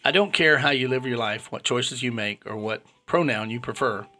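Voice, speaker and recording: A man's voice: mid-range voice, normal speed, bright, forceful tone, faint music behind. A man in his fifties giving a blunt, opinionated casual monologue as a vlogger. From United States. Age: 50s.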